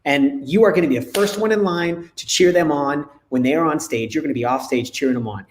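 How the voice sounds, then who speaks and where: A man co-hosting a talk, telling lively family anecdotes and acting out dialogue. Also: fairly high pitch, brisk. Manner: animated anecdotes, acts out dialogue. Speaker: co-host. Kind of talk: casual storytelling. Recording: echoey room.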